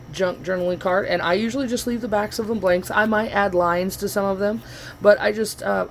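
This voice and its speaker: A woman's voice: lowish voice, a little hiss or hum. A woman vlogger chatting her way through a crafting demo in her home studio, rambling and correcting herself as she goes, picked up by the camera's own microphone.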